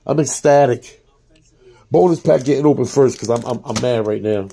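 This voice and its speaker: A man casually reading out trading cards as he opens packs, talking to his viewers in a relaxed, slangy way. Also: medium pitch, moderate pace, gravelly, slight background noise. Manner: reads out card names, casual slangy asides to viewers. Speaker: card-opening vlogger. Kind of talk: casual pack-opening commentary.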